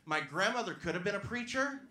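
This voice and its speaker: A stand-up comedian from Georgia working the crowd with self-mocking punchlines. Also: male voice, high voice, expressive, a little fast, sharp tone. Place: comedy club stage. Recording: echoey club room.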